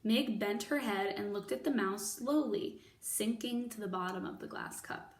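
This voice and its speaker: A woman teacher reading a children's novel aloud, expressive and bringing the characters to life with voices. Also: mid-range voice, normal speed. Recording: echoey room, mic at a distance.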